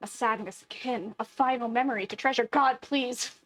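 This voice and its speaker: A woman's voice: on the high side, moderate pace, a bit bright. A young woman streamer reading game dialogue aloud, often breaking into giggles. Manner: giggly, keeps breaking into laughter while reading.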